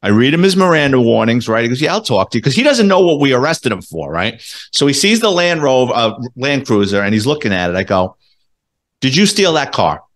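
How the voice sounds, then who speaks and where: Middle-aged New man, ex-cop guest; casual, salty storyteller who jumps into quoted voices; mid-pitched. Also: quick pace. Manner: animated, profane, acts out quoted dialogue. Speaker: former police detective, guest.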